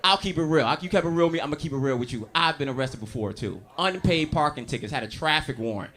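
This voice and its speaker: A man's voice: on the high side, lively intonation, fast, fairly bright tone. A man doing a stand-up comedy set on stage, brash and profane, talking straight to the crowd with audience laughter behind him.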